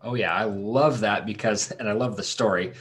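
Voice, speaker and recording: Male podcast host, lower voice, hyped and casual interviewer. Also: normal speed, a bit bright.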